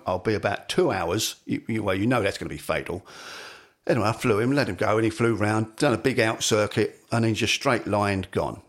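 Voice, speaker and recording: A middle-aged man telling rambling anecdotes as an interview guest, peppered with "you know". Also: on the low side. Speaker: falconer and guest. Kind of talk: anecdotal storytelling.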